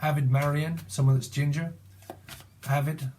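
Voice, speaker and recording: A man's voice: a little high, fairly even intonation, normal speed, darkish tone, slight background noise. A British man in his forties giving a casual, rambling tarot reading, joking, swearing and punning as he goes. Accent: British English. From Britain. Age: 40s. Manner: rambling, jokey, free-associating wordplay; laughs often and swears casually. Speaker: tarot reader.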